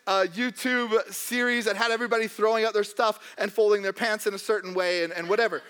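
High, bright-voiced young pastor in a reverberant hall. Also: male voice. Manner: humorous, animated, mock voices for the doubters. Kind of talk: sermon. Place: church hall.

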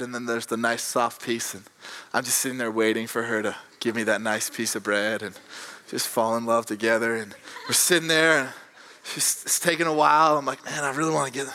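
A young adult man, a pastor telling a funny personal story and preaching with animated, self-mocking energy. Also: medium pitch.

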